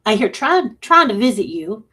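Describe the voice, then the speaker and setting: A woman's voice: fairly high pitch, sing-song, normal speed, sharp tone, husky. A woman co-hosting a live stream, joking loosely and answering viewer questions about spiritual signs. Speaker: co-host and intuitive reader. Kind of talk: casual live-stream chat.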